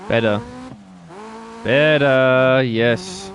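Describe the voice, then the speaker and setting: Male gaming streamer, mid-pitched, casual and crude, rambling commentary, faint game sound behind. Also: lively intonation, very slow, a bit bright, a little hiss or hum. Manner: rambling, jokey, crude humor.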